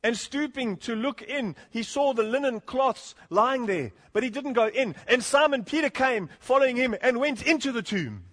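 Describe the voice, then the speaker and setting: A man's voice: extremely high pitch, expressive, normal speed, hardly any pauses, fairly bright tone. A man preaching an earnest expository sermon, often rising to emphatic points and chuckling between them. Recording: long hall reverb.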